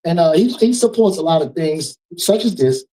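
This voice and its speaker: A man's voice: on the high side, animated, normal speed, mellow, recorded from a distance, poor audio. Loose-talking male emcee, heard from afar. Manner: loose, preacher-like riffing with call-outs to the audience. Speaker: event host. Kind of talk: live fundraiser emceeing, joking with the crowd. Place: live event hall.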